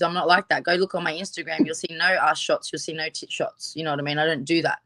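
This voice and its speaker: A woman's voice: deep voice, steady tone, fast, a bit bright, no echo. A woman boxer, the interview guest, talking casually and frankly, with lots of filler words.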